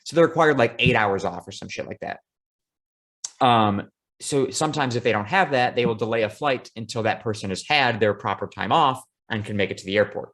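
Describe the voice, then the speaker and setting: A man co-hosting a podcast, telling a travel story in casual, profane chat with animated asides. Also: medium pitch, brisk. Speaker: podcast co-host.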